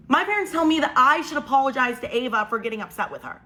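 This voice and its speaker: A young woman telling a storytime vlog story in an animated, exasperated and incredulous way. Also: high-pitched, quick pace, hardly any pauses.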